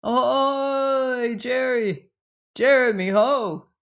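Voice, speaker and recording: A narrator voicing a mad, lost male sailor who cries out hoarsely and plaintively in anguish. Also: high voice, very slow, fairly bright tone, voice pushed up, exaggerated voice. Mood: calling out. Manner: screaming in anguish.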